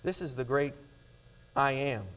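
A middle-aged male pastor preaching a sermon with emphatic swings from loud declarations to hushed words. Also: mid-range voice, unhurried.

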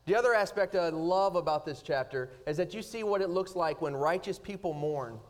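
A man preaching a sermon, swinging between loud, rising emphasis and hushed, slow passages. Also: a little high, expressive. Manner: dynamic preaching, rising loud then dropping soft. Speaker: pastor.

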